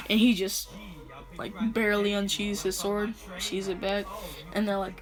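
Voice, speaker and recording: A woman's voice: mid-range voice, flat delivery, unhurried, pauses often. A woman casually telling a fan-fiction story in slangy, joking talk, often breaking into laughter.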